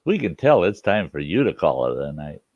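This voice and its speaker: A man's voice: sits low, sing-song, normal speed, darkish tone, husky, dry recording. A man hosting a late-night live stream. He tells stories in casual chat, laughs often and swears freely. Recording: dull lo-fi stream audio.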